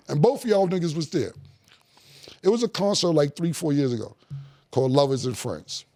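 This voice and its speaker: A middle-aged man, a guest in a podcast studio, telling stories in a casual, animated way with plenty of slang and profanity and acting out other people's lines. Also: on the high side, moderate pace. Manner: animated, acts out quoted dialogue, heavy slang and profanity. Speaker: guest rapper in a studio conversation. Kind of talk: casual storytelling.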